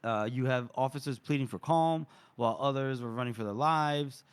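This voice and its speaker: A man's voice: medium pitch, normal speed, clear, resonant tone. A man co-hosting a book podcast, playfully recapping chapters with frequent laughs.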